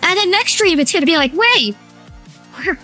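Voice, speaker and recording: A male speaker uses a voice changer to produce a high, bright feminine voice, heavily acted, while chatting casually on a live gaming stream. Excitable and playful, he readily squeals and giggles over faint background music.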